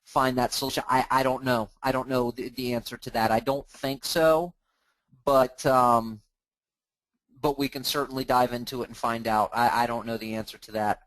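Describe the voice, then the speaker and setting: A man hosting a live training, talking casually as he clicks through software on his screen and restarting words now and then. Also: medium pitch, little pitch movement, normal speed, dry recording, poor audio. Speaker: host of a mortgage training group.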